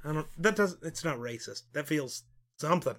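A man co-hosting a podcast in casual chat, sarcastic and quick to laugh. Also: a little high. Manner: animated, sarcastic, laughs often. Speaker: podcast co-host.

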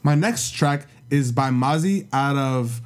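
A man's voice: medium pitch, animated, slow pace. A young man from the Bay Area co-hosting a podcast, talking in casual slangy banter and laughing often. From San Francisco Bay Area. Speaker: podcast co-host.

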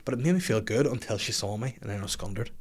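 A man, hosting a podcast and telling funny stories in a casual, swearing way. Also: racing. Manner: animated, swears a lot, puts on high squeaky voices for his daughter. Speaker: podcast host. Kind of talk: casual comedic storytelling.

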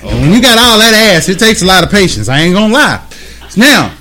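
Lively man, high and very expressive, a crude raconteur. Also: a little fast. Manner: animated, profane, acts out quoted voices. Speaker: comedian guest. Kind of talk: casual storytelling.

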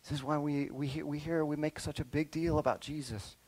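A middle-aged male pastor preaching a sermon to young listeners, animated and checking in often with "right?" and "okay?". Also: fairly high pitch, brisk, rough recording. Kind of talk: sermon to children and youth.

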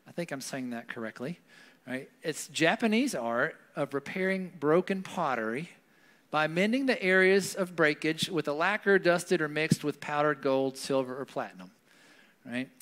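A man's voice: fairly high pitch, animated, normal speed, fairly bright tone. A man, a pastor, preaching a conversational sermon in a church with a Southern US accent, often adding "right?" as he talks. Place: church hall. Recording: long hall reverb.

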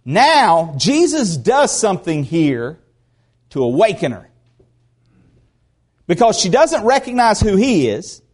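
A man's voice: high voice, big pitch swings, takes it slowly, long pauses, slightly rough. A man preaching a sermon to his church, talking in a conversational way and repeating phrases for emphasis. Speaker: pastor. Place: church service.

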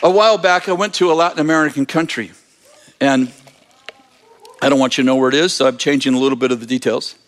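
A man telling a lively story in a sermon, laughing as he talks. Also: medium pitch, fast, long pauses, a faint crowd, a little hiss or hum.

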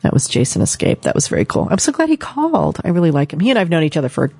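A woman's voice: lowish voice, sing-song, racing, creaky, dark tone, husky, no room sound. Chatty, profane woman host. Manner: chatty and profane, laughs often. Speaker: podcast host. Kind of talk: casual chat.

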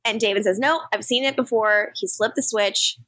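A woman's voice: mid-range voice, moderate pace, fairly bright tone, no room sound. A woman co-hosting a podcast, recapping episodes in casual chat, swearing freely and giggling often. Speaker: podcast co-host.

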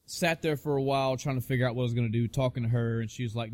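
A man spins a casual personal anecdote, cursing often and stumbling over restarts as he goes. His voice sits at a middling pitch. The recording is dry, with no room sound. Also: fairly even intonation, racing, few pauses, darkish tone, dry recording. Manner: profane, rambling with frequent restarts. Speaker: storyteller.

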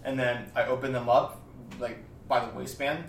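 A young man in casual chat, telling a rambling, deadpan step-by-step story full of fillers. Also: medium pitch, normal speed, vocal fry, slight background noise. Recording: roomy, distant mic with faint ambience.

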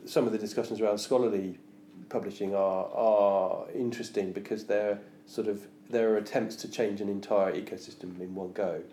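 A man's voice: on the low side, steady tone, moderate pace, hardly any pauses, dark tone. A man, a podcast guest, talking in a thoughtful, hesitant way with many restarts. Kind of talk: casual interview chat. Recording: roomy room with faint hiss.

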